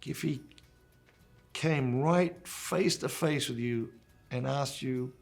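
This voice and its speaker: Gravelly man reflecting on scripture. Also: mid-range voice, takes it slowly, long pauses, soft background music. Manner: earnest, conversational, with fillers and restarts. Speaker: host of a Catholic gospel reflection series. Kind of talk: scripture reading and informal reflection.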